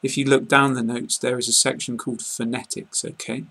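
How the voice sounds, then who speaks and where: A British man giving a casual online pronunciation lesson, speaking slowly and carefully and repeating example words. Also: medium pitch, level tone, sharp tone, slightly rough, rough recording. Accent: British English. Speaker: English pronunciation teacher.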